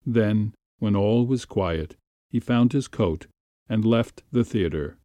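A man reading a classic short story aloud in a measured, unhurried way. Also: fairly low pitch. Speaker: narrator.

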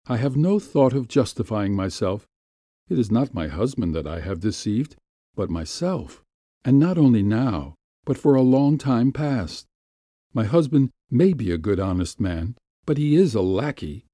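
A man's voice: mid-range voice, sing-song, a little slow, mellow, no room sound, studio quality. A man reading as a tearful, remorseful young wife. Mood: anguished. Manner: anguished, self-reproaching confession.

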